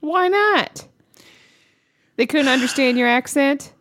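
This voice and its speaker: Slow teasing woman co-host. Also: high voice, lively intonation, a bit bright. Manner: teasing, laughs often. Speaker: radio co-host. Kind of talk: bantering radio talk.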